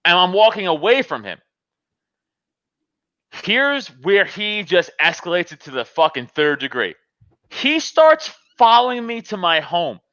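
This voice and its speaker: A man with a high, smooth voice and a measured pace tells a story as a podcast host, laughing often and cursing freely. Animated, he performs both sides of the argument. No room sound can be heard, but the audio is dull.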